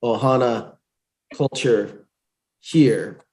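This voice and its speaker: A man with a mid-pitched voice talks in a relaxed, casual way on a panel. His voice often drops and trails off quietly toward the ends of his thoughts. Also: extremely slow. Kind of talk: casual chat. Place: reunion panel.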